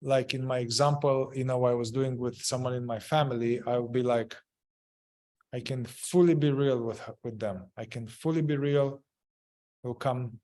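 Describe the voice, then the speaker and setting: A man leading a group, explaining a therapy method, halting and searching for words, often repeating phrases. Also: mid-range voice, a little mellow. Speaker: group facilitator.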